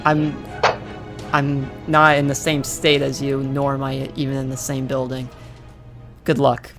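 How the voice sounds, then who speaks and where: A man's voice: mid-range voice, monotone, measured pace, fairly bright tone. A man co-hosting a podcast over a call, bantering in a stammering, sardonic way, with faint music underneath. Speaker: podcast co-host.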